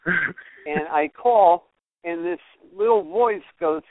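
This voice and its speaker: An older man, a guest in a casual interview, talks through his stories with a lot of animation and acts out everyone he mentions. His voice sits a little high for a man. It comes through dry and thin, like a phone line. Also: slow pace, no echo. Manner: animated storyteller who acts out the people in his tales. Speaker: guest musician. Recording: dry, tinny phone-like audio.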